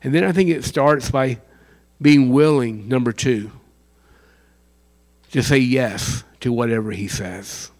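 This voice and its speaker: A man preaching a sermon in an animated way, acting out the voices of fans and worshippers. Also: medium pitch, slow pace, long pauses. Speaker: pastor.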